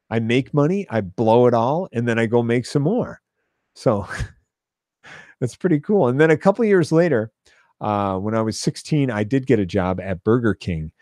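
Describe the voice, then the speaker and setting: Brief: male podcast host, middle-aged, rambling anecdotes, deadpan, very dry sound. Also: mid-range voice, no echo. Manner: dry, offhand, with small laughs. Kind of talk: rambling storytelling monologue.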